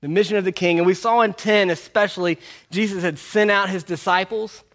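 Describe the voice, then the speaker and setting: A man's voice: high voice, steady tone, fairly quick, fairly bright tone. A man preaching a sermon in a conversational way, repeating his key phrases. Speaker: pastor. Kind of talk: sermon teaching through a book.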